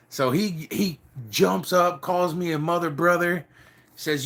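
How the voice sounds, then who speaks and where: Young dude telling wild stories to camera, bright voice, slangy, cussing. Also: male voice, on the high side, lively intonation, unhurried. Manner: loose, swearing, slangy, acts out quotes. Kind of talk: casual storytelling to camera.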